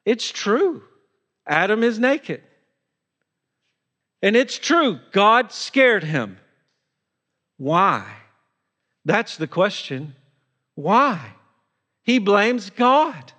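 A man's voice: high voice, big pitch swings, takes it slowly, pauses often, pushed and bright. A male pastor preaching a sermon, emphatic and fond of repeating rhetorical questions.

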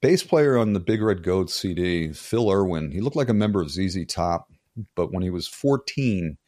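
A man's voice: deep voice, animated, normal speed, darkish tone, no echo, studio quality. A man in his sixties from the Philadelphia area, telling stories in a casual interview with a wry tone and frequent laughs. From Philadelphia area, United States. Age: 60s. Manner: wry, storytelling, laughs often. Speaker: interview guest, author.

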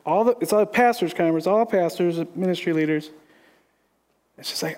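A man's voice: high voice, moderate pace, long pauses, darkish tone. A middle-aged male pastor preaching a confessional sermon, earnest and emphatic, laughing at himself now and then, on a stage microphone in a church sanctuary. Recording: echoey hall reverb.

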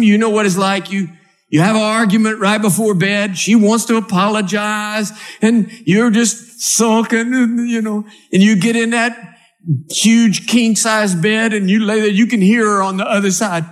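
A man's voice: sits high, normal speed. A male preacher giving a humorous sermon to a live church audience, reading scripture and acting out scenes. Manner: animated storytelling, acts out scenes.

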